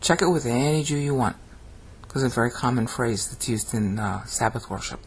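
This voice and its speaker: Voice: medium pitch, a little fast, husky. A Bible language teacher giving a video lesson, explaining word by word, often checking in with "okay?" and chanting ancient phrases with dramatic rising emphasis. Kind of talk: video lesson on screen slides.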